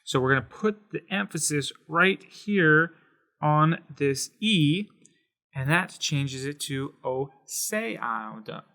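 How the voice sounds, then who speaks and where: A man teaching a Spanish lesson, patiently explaining and slowing down to sound out words syllable by syllable. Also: a little high, sharp tone. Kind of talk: explaining at a whiteboard.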